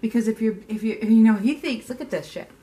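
A woman's voice: fairly high pitch, fairly quick, dark tone. Blunt, emphatic woman reading tarot. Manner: blunt, emphatic, repeats points with "okay?"; swears casually. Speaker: tarot reader. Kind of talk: casual tarot card reading.

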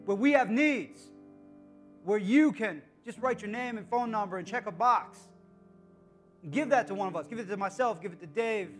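A high-voiced male pastor delivers an earnest sermon. He swings between hushed, intimate lines and emphatic calls to the congregation.

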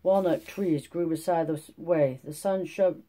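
An audiobook narrator reading a classic novel aloud at a steady pace, with occasional slips and restarts. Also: mid-range voice, measured pace.

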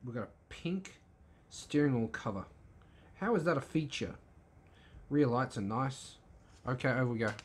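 A man's voice: mid-range voice, animated, normal speed, pauses often, a little hiss or hum. A man hosting a car channel, giving laid-back, wry, opinionated commentary as he flips through a magazine.

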